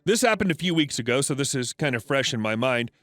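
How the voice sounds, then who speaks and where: A man reading online stories aloud as a scripted narration, in a lively storytelling manner. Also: medium pitch, fast, faint music behind.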